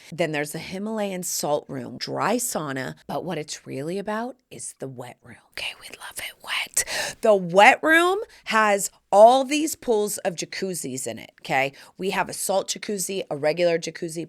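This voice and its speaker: Animated brassy woman podcast host. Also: on the low side. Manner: animated, brassy storytelling with playful asides. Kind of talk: casual chat.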